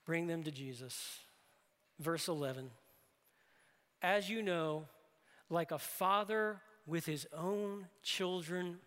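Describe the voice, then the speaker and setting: Bright-voiced pastor preaching in a hall. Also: male voice, sits high, slow pace. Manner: builds to loud impassioned exhortation. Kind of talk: sermon. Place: church sanctuary. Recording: long reverb of a large hall.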